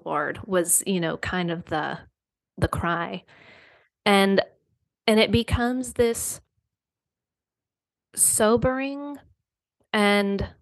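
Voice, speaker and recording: A middle-aged woman talking as a podcast guest in an earnest, rambling way, circling back through fillers and restarts. Her pitch sits in an ordinary middle range, and the recording is dry and close, with no room sound. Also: no room sound. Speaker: guest author. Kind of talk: reflective podcast conversation.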